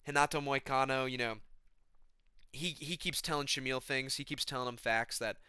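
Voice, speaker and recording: Bright, clear young man chatting with slang. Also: medium pitch, steady tone, normal speed, no echo, studio quality. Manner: loose, slangy, says "bro" and "man". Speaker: YouTuber, MMA commentator. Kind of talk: casual comedic vlog storytelling.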